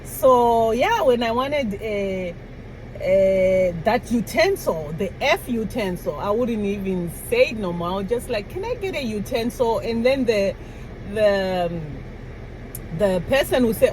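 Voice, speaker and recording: Animated and a bit high-pitched with a darkish tone, a woman from outside the US tells casual stories to camera at a measured pace. She describes learning to speak like the locals in her new home, acting out dialogues and laughing. Slight background noise and poor audio quality come through.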